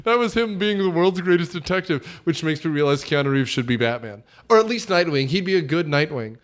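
A man's voice: on the high side, fairly quick. A man co-hosting a casual movie chat, joking and acting out quotes. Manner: joking, animated, acts out quotes. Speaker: podcast co-host.

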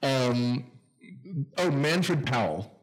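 A man's voice: medium pitch, animated, drawn-out words, rough recording. A man co-hosting a casual movie commentary podcast, ranting with profanity. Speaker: podcast co-host.

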